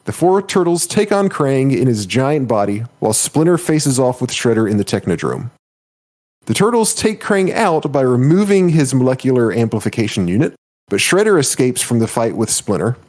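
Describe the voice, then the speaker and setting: A man co-hosting a podcast, giving a steady episode recap and chatting casually. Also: mid-range voice, moderate pace. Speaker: podcast co-host.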